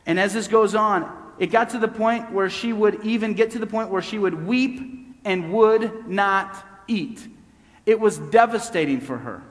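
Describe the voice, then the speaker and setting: Male pastor, high voice, emphatic repetitive preaching, long hall echo. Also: fairly bright tone. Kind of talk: sermon.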